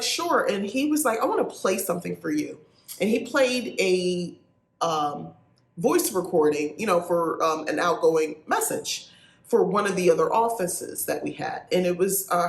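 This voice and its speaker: A woman in her forties with a nasal South Jersey accent, telling a story to her podcast listeners in a chatty, animated way. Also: on the low side, a little slow. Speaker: podcast host. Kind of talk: casual storytelling monologue. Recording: echoey room.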